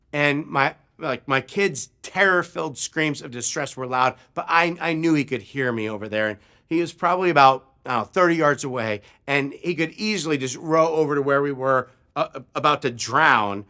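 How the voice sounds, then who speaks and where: A man preaching a sermon, telling a personal story with animated delivery and acted-out shouts. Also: on the high side. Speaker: pastor.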